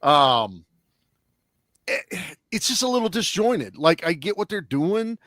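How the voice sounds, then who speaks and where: A man in casual chat, reviewing a film with blunt, profane and animated talk. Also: sits high, takes it slowly, dry recording, clean studio sound.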